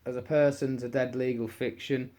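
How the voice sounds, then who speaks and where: A man's voice: medium pitch, flat delivery, moderate pace, mellow. A man with an English accent answering questions and telling a rambling anecdote, full of restarts and slang. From England. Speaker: person answering audience questions. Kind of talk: casual Q&A storytelling.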